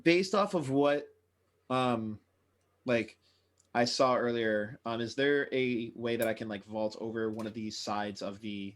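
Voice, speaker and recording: A man's voice: mid-range voice, a little slow. A man playing in a tabletop game, talking casually and hesitantly, with frequent swearing. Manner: hesitant, filler-heavy, swears. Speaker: player.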